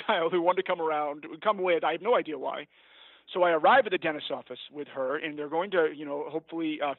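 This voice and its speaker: Teacher guest, male, slightly high voice, rambling storyteller, dry tinny phone-like line. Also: no echo. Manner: rambling, self-correcting, laughs at his own story. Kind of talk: storytelling in a podcast interview.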